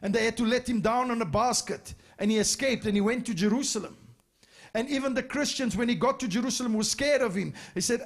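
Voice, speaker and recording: A man's voice: very high-pitched, a little fast. A man preaching a sermon, retelling stories with emphatic, repeated phrases. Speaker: pastor. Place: church.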